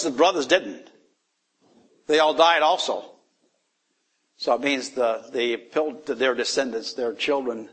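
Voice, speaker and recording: Male preacher, mid pitch, chatty sermon delivery with emotional swells. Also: husky. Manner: conversational, emotional, rises high when moved.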